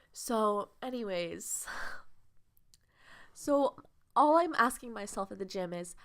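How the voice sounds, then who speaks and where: A woman's voice: fairly high pitch, expressive, slow pace, pauses often, sharp tone. A young woman vlogger talking in a casual podcast monologue, earnest and rambling, with a heartfelt, confessional way of speaking.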